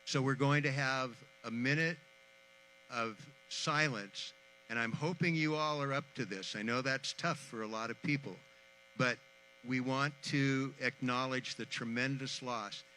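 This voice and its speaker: A man introducing a ceremony outdoors, earnest and a little halting, with fillers between phrases. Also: medium pitch, sharp tone, slight background noise, poor audio. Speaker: event organizer introducing the host. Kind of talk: public announcement at a memorial ceremony. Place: outdoor community event.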